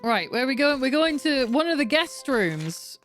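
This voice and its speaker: A woman's voice: sits high, sing-song, moderate pace, a bit bright, soft background music. A woman streamer chatting casually and swearing while playing a game. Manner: chatty, swearing, self-mocking. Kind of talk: casual gaming commentary.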